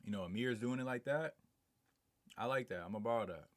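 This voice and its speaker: A man live streams in a casual, slangy, laid-back way, reading viewer comments aloud and chatting back to them. His voice is mid-range and fairly quick, with no echo.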